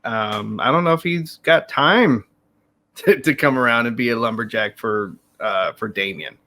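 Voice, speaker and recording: Bright-voiced, laid-back podcast co-host man. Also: medium pitch, lively intonation, measured pace. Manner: laid-back, laughs easily, hesitant fillers. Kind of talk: casual chat.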